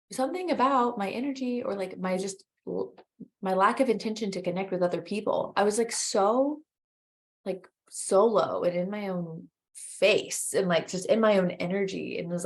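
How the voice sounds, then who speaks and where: Chatty woman podcast host. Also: mid-range voice. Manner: chatty, animated storyteller. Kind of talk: casual chat.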